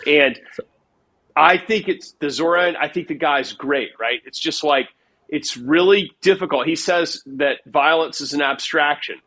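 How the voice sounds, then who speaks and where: A man speaking as an interview guest, his voice sitting a little high for a man. He talks in a loose, rambling way, full of filler words, and tells stories with a lot of animation. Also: measured pace, a bit bright. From United States. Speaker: guest investor. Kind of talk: casual interview talk.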